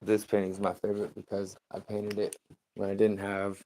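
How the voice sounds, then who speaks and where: A man in his thirties chatting casually with viewers on a live stream while he paints, relaxed and rambling, laughing easily. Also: lowish voice, moderate pace, a little hiss or hum. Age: 30s. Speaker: livestreaming painter.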